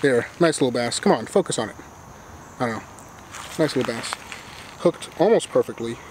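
A man's voice: mid-range voice, animated, normal speed, darkish tone, slight background noise. A man filming a casual fishing vlog outdoors on a riverbank, talking to the camera in a chatty, rambling way. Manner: chatty and rambling, addresses viewers as guys. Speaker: fishing vlogger. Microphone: camera set up on the bank.

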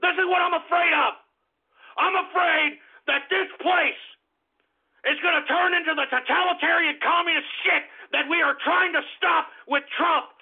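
A man hosting a radio show who rants, shouts and swears angrily at his listeners. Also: very high voice, steady tone, moderate pace. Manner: shouting, profane, berating listeners. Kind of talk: angry broadcast rant. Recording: phone-like lo-fi audio.

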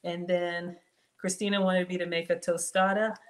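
A woman's voice: fairly low pitch, level tone, moderate pace. A woman chatting through a live cooking stream from her home kitchen, reading viewers' comments aloud and talking to them by name. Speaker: cooking channel host.

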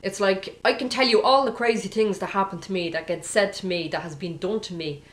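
A woman's voice: medium pitch, brisk. Earnest woman preaching in a roomy space. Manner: earnest, direct, often asks "okay?". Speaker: Christian video preacher. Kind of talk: informal sermon to camera.

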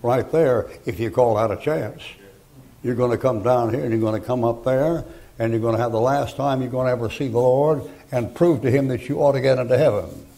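Gravelly older preacher, folksy and blunt. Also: male voice, medium pitch, a little fast, mellow, rough recording. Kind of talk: fiery sermon. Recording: archival sermon recording.

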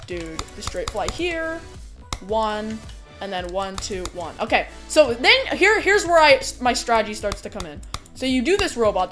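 Lively young woman streamer chatting while playing. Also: a little high. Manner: chatty, bursts into squealing protests and laughter. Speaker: game streamer. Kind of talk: casual live-stream commentary while playing.

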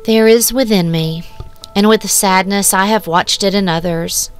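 A woman narrates a short story in a measured, hushed, wistful tone, her voice pitched in a middle range. Soft music plays faintly underneath. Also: clean tone.

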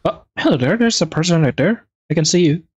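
This man's let's play commentary is talkative and keyed up as he reads the on-screen text out loud and reacts quickly. His voice runs a bit high and slightly rough, with no echo.

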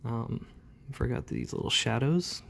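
A man's voice: mid-range voice, normal speed, gravelly, fairly bright tone. A man who inks comics, chatting casually as he demonstrates inking step by step, with frequent fillers. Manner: casual, talks while working, with fillers. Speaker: comic book inker. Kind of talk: relaxed ink-along tutorial narration.

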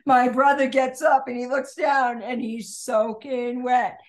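An older woman co-hosting a podcast, telling a childhood story in a lively, laughing way. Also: a little high, measured pace. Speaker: podcast co-host. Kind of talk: storytelling chat.

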